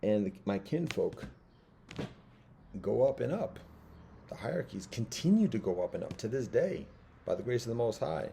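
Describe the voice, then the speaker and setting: A man in his fifties giving a rambling personal monologue, halting as he repeats words and restarts his sentences. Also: medium pitch, animated, gravelly, mellow, a little hiss or hum.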